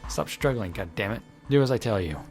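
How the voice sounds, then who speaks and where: A man voicing a cold, brutal grown man who barks orders with gruff contempt. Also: lowish voice, lively intonation, brisk, faint music behind. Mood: menacing.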